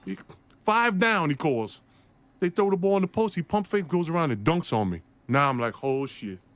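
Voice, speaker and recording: A former basketball player telling an animated story in an interview, laughing often and acting out the voices of the people in it. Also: male voice, a little high, normal speed, no echo.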